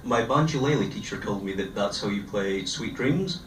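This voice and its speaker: An eighteen-year-old man doing a stand-up comedy set on a club stage, delivering deadpan one-liners with pauses. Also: lowish voice, soft background music. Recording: roomy live club sound from a distance.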